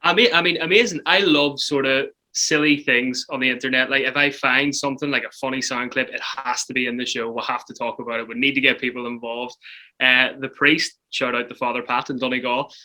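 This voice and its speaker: A radio breakfast presenter chatting casually about quirky news, laughing often and getting excited. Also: male voice, mid-range voice, poor audio. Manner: giggly, excitable, quick to laugh. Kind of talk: casual chat.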